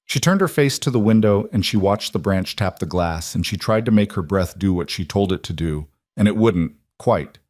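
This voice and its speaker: A man narrating a story in a steady, unhurried way. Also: low voice, dry recording, clean studio sound. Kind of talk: scripted narration.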